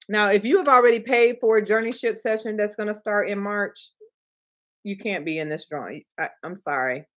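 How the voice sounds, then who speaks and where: A middle-aged woman from Michigan chatting casually on a livestream, talking to her viewers and laughing often. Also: medium pitch. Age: 30s to 40s. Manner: chatty, warm, talks to chat, laughs often, gets emotional. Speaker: livestream host, notary signing agent trainer.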